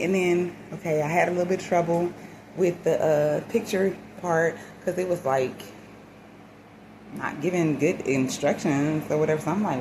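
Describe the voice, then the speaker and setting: A woman tells a story in a casual vlog, with a fairly low voice. She is animated and dramatic and acts out the people in it. The recording carries a clear steady hiss behind her. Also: moderate pace. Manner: animated, dramatic retelling with quoted voices and religious exclamations. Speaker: vlogger. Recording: noisy background hiss.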